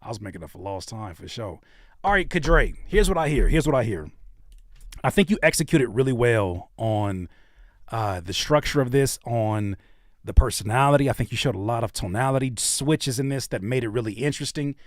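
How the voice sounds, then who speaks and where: Animated, joking male music reviewer. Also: medium pitch, normal speed, dry recording, clean studio sound. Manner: animated, joking, repeats phrases. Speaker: host reviewing music submissions. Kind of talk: casual livestream reaction chat.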